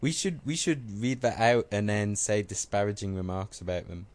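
Pitched fairly low, this man's voice is animated and moves at a normal speed. As one of a podcast's co-hosts, he keeps the casual banter going with jokes, self-deprecating humor, and comic voices.

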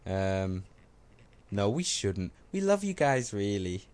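A man's voice: on the low side, very animated, slow, a little mellow. A man co-hosting a podcast in casual chat, joking and self-mocking. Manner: joking, self-mocking, puts on funny voices. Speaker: podcast co-host.

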